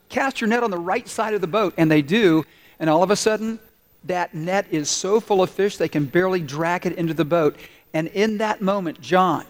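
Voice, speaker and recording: A man preaching a sermon, telling a story earnestly and slowing down to stress key points. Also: high-pitched. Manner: earnest, storytelling, slows down for emphasis. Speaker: pastor.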